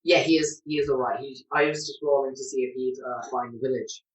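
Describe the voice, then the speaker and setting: Hesitant male game master on a call, mid pitch, echoey and distant. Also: little pitch movement, brisk, dull audio. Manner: hesitant, many ums, laughing often. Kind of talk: narrating a tabletop game. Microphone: video call.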